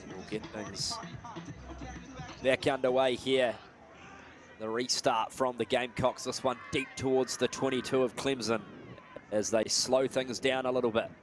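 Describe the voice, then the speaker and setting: A male play-by-play commentator with a middle-pitched voice calls a live rugby match from the stadium box. His delivery is energetic and swells into shouts on the big plays. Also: unhurried, pauses often, over music.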